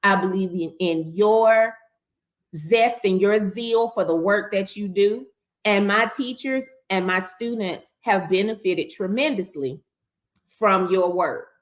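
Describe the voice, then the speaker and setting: A woman educator and school founder, a guest in an interview, speaking slowly and earnestly. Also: mid-range voice. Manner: slow, deliberate and earnest.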